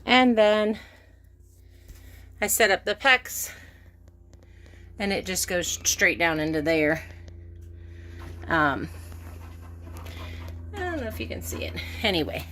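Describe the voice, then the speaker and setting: A woman's voice: mid-range voice, sharp tone. A woman vlogging casually around her homestead, chatty and a bit out of breath, laughing often and talking to her cats. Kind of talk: casual walkthrough vlog. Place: rural cabin homestead, indoors and out.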